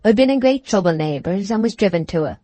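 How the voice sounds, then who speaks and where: A woman's voice: medium pitch, lively intonation, quick pace, mellow, no room sound, close to an everyday voice. A woman reading the part of a humble, kindly young shepherd in an audiobook, speaking heartily and soothingly. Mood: hearty.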